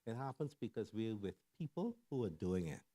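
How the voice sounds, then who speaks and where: A middle-aged man giving a lively sermon-style talk on family and parenting, telling stories conversationally and checking in with the audience. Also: fairly low pitch, moderate pace. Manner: animated storyteller who acts out quoted voices. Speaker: church speaker on family and mental health.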